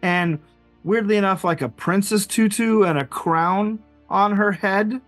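A man narrating as game master in a tabletop game. He talks haltingly, with frequent fillers, restarts and laughter. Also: sits high, a bit bright, no room sound, soft background music.

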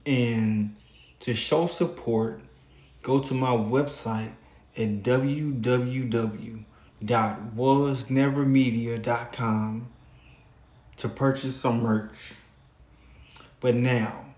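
A man hosting his own channel, giving reaction commentary in a drawn-out way with frequent pauses. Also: mid-range voice, fairly even intonation, a little mellow, reverberant. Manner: slow, drawn-out, pausing often. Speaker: channel host.

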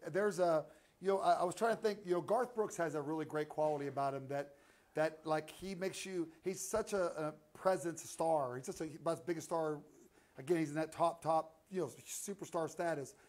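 A man hosting a talk show, enthusiastic and halting with many restarts. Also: a little high, a little mellow. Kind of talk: casual chat.

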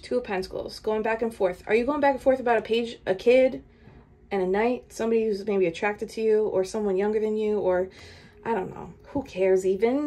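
Chatty woman giving a tarot reading. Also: mid-range voice. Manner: animated, chatty, laughs often, talks straight to viewers. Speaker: tarot reader.

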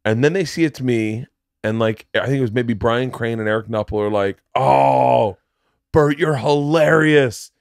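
Animated middle-aged man telling a story. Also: a little fast, no echo, clean studio sound. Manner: animated, swings into high excited bursts while telling stories. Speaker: podcast co-host. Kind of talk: casual storytelling chat.

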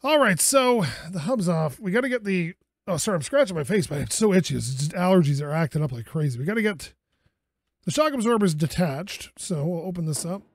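A man talks through a game in a casual commentary voice, high and swinging widely in pitch. He mutters to himself and scolds the objects on screen, swinging between exasperation and soothing. The sound is dry and close. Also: lively intonation, brisk, dry recording. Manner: mutters to himself, frustrated outbursts and self-soothing. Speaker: gaming YouTuber.

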